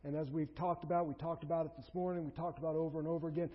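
A man's voice: on the high side, flat delivery, very fast. A man preaching a sermon as pastor, emphatic, driving his points home through repeated phrases. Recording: dull sound with long hall reverb.

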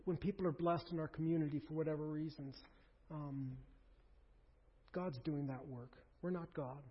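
A man preaching a sermon as pastor, conversational and animated, with asides and quoted voices. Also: fairly high pitch, normal speed. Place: church sanctuary. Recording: dull sound with long reverb in a hall.

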